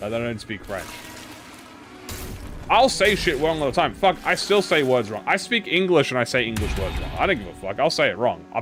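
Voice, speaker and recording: A man streams a game and chats loosely with his viewers, cursing often and making fun of himself. His pitch swings widely, landing on a middle-height voice, while quiet music plays in the background. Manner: swears freely, rambling and self-mocking. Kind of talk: casual live-stream game commentary to chat.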